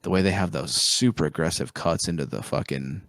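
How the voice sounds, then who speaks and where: Very deep but fairly bright in tone, this man talks fairly quickly with no room sound. He's co-hosting a podcast, rambling excitedly about cars and swearing without restraint.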